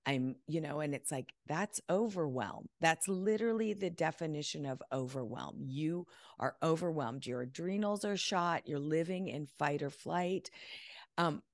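A woman's voice: deep voice, measured pace, no room sound, studio quality. A woman guest on a podcast, speaking confidently and emphatically over a video call, often acting out her clients' words. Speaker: guest decluttering expert. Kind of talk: casual interview chat.

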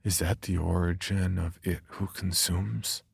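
A man narrating a first-person horror story in a subdued, brooding way, with a husky, gravelly voice. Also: sits low, little pitch movement, measured pace, no echo.

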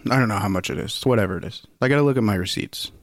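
A man's voice: fairly low pitch, racing, no echo, clean studio sound. A man co-hosting a podcast, telling a rambling, profane story and laughing often. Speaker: podcast co-host. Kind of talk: casual podcast chat.

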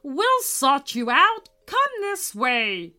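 A woman voicing a friendly walking skeleton who talks loudly and slowly. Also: high voice, wildly swooping pitch, faint music behind, pitched above the performer's own voice, heavily acted. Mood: cheerful.

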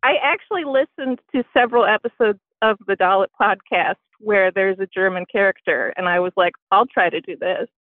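A woman's voice: medium pitch, a little fast, few pauses, dry recording. A woman calling in to a comedy advice podcast, telling her story in a playful way with laughter. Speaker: caller. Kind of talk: casual chat. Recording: muffled phone line.

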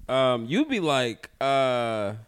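A man's voice: mid-range voice, big pitch swings, drawn-out words, a little hiss or hum. A young man co-hosting a podcast, chatting casually and teasing his partner playfully. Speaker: podcast co-host. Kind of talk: casual chat.

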